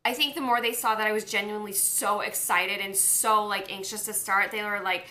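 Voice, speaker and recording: A woman's voice: mid-range voice, steady tone, fairly quick, pushed and bright. A young woman chatting enthusiastically as a guest on a casual vlog. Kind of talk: casual chat.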